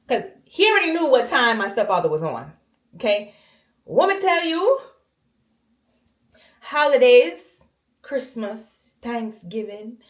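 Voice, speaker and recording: A woman telling a personal story casually to camera while cleaning her bathroom, animated and slangy, acting out the voices of the people in it. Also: mid-range voice. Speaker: vlogger. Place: home bathroom. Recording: echoey bathroom.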